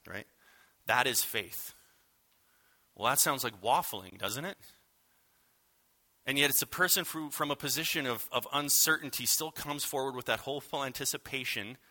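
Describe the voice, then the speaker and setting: A man's voice: medium pitch, sharp tone. A man giving a sermon as pastor, conversational and wry, with frequent asides to the congregation.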